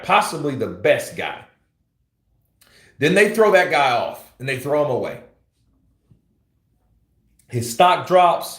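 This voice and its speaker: A man's voice: a little high, a bit bright, roomy sound. A man hosting live boxing commentary, blunt and profane, ranting and teasing as he talks. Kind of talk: livestream commentary.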